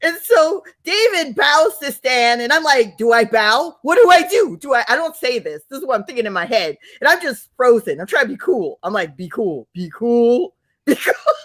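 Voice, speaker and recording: Lively giggly woman telling a story. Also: sits high, moderate pace, few pauses. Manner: animated, giggly storyteller who acts out quotes. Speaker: podcast co-host. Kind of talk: casual storytelling.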